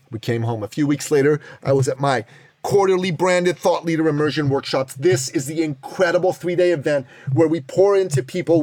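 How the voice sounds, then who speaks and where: A man's voice: fairly high pitch, a little mellow, dry recording. A middle-aged man hosting a podcast, telling a motivational story in an emphatic, dramatic way. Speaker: podcast host.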